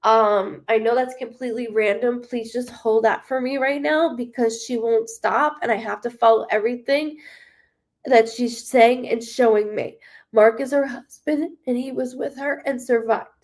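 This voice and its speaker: A woman giving a psychic reading on a live stream. She talks in a halting, rambling way, with many restarts, and she is emotional and blunt, swearing freely. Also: on the high side, fairly even intonation. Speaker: psychic medium.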